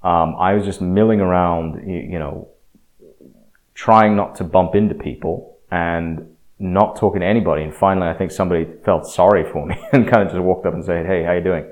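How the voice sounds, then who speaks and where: Low-voiced man musing with many fillers. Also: fairly even intonation, normal speed, a little mellow. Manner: hesitant, many fillers and restarts; reflective, self-deprecating. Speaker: speaker sharing experience. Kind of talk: casual monologue.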